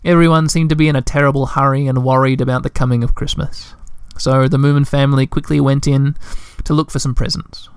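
A man reading a children's storybook aloud in a gentle, measured way. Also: medium pitch, level tone, smooth, no echo. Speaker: narrator.

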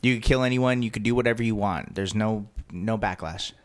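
A man's voice: lowish voice, brisk. A man hosting a rowdy, casual chat among friends, teasing them with crude leading questions. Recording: other men laughing loudly nearby.

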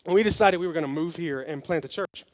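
A pastor preaching a sermon, telling a story that builds from slow and quiet to loud and excited. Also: male voice, on the high side, in a large hall. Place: church hall.

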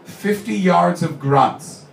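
A man works the crowd at a live stand-up show, loud and sweary, ribbing the audience between bits. He is recorded from a distance, with the room ringing around his voice. A steady background noise sits under him. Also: high voice, takes it slowly, gravelly, reverberant. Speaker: stand-up comedian. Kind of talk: stand-up comedy with crowd work. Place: live comedy venue with audience.

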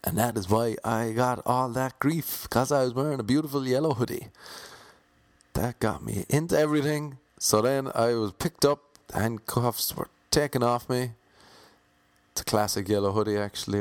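A man's voice: mid-range voice, normal speed, dry recording. A man telling a comic anecdote, acting out the voices of the people in it and swearing casually. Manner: lively, acts out the voices in his story; swears casually, self-mocking. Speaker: storyteller.

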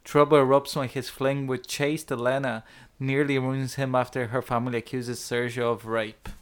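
A man's voice: medium pitch, flat delivery, moderate pace, clear, resonant tone. A man co-hosting a casual film podcast, teasing his co-host and reading the film credits with Spanish pronunciation.

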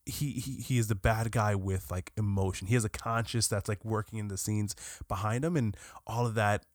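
A man's voice: on the low side, fairly even intonation, normal speed, dry recording, studio quality. A man co-hosting a podcast, talking casually and animatedly about a film, swearing and restarting sentences often. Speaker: podcast co-host.

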